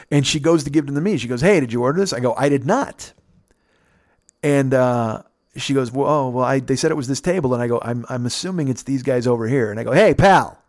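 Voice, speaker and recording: A man telling a casual, profane story on a podcast, jumping up in pitch to mimic the people in it. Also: dry recording, clean studio sound. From United States. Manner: animated, profane, mimics others with pitch jumps. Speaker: podcast host.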